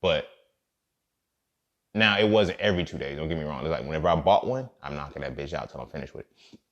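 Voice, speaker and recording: A fast-talking, expressive man with a rumbling low voice and a fairly bright tone hosts a podcast, though the highs are cut off. He shares a personal story in a loose, profane, slang-heavy way, often tossing in "you feel me."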